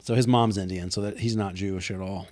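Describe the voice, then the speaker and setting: A man's voice: low-pitched, fairly even intonation, quick pace, a little mellow. A young man co-hosting a comedy podcast, blunt and argumentative as he pushes back on the others. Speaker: podcast co-host. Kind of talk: casual comedy banter.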